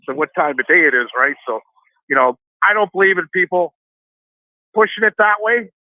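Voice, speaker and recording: Middle-aged male caller, profane rambler, lively quotes, phone-line sound, dry. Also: high voice, moderate pace, dry recording. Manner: rambling, profane, animated quoting of others. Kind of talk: casual phone-in storytelling.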